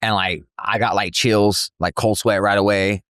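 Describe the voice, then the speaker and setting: A man, an MMA promotion CEO, telling stories in a casual interview with animated slang and lots of fillers. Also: on the low side, dry recording, clean studio sound. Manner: fast, animated storytelling with slang and filler words. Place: cafe.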